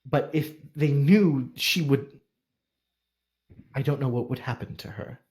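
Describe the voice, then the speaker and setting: A man plays a weary, devoted maester who speaks quietly. He sounds worn down and sad in this tabletop role-play. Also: mid-range voice, measured pace, natural voice. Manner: quiet and tired.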